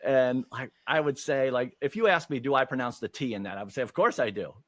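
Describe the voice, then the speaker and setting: A man's voice: mid-range voice, brisk, no room sound. Chatty man with dry sound. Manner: chatty, lots of "like" fillers, laughs easily. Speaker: podcast host. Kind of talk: casual interview chat.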